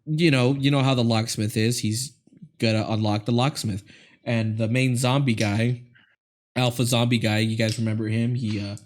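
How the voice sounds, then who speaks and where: A man's voice: mid-range voice, steady tone, moderate pace. A man hosting a podcast, retelling a film in a rambling, laughing way with many restarts. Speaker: podcast host. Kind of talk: casual movie recap chat.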